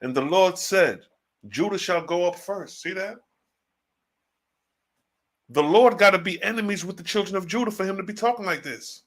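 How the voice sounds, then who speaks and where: A man's voice: high voice, moderate pace, long pauses. A man giving a casual, slang-filled livestream commentary on scripture, asking rhetorical questions and reading passages aloud. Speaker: online religious teacher.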